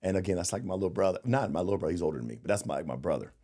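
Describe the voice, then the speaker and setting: Middle-aged male guest, lowish voice, lively swinging delivery, laughing storyteller. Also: very fast. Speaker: guest, former baseball player. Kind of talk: casual storytelling chat.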